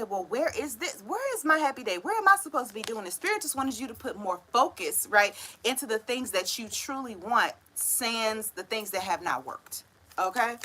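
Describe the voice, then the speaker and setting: A woman's voice: mid-range voice, bright, forceful tone, poor audio. A woman giving a casual tarot reading, talking in a chatty, slangy way full of "right?" tag questions and frequent laughs. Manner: laughs often while telling stories. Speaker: tarot reader.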